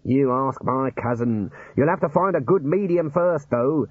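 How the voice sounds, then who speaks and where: A man voicing a gloomy, nervous old wizard scholar who talks deadpan and stammers through lists. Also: mid-range voice, unhurried, slightly rough, no echo. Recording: dull lo-fi recording.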